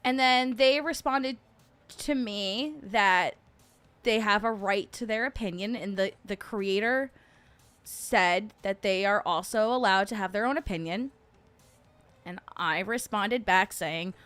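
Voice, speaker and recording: A sarcastic woman chats casually as a livestream host, reading the chat aloud in a mid-pitched voice. The sound is dry and close, with no room around it. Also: a little slow, a bit bright, no room sound. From New Jersey. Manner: sarcastic, chatty, laughs often. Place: at home.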